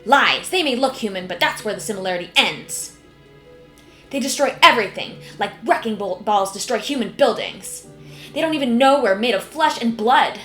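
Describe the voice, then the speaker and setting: A woman's voice: on the high side, lively intonation, normal speed. Woman voicing an indignant ranting soldier. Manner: loud, indignant, forceful. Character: angry soldier ranting about enemy troops. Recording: echoey room, game music behind.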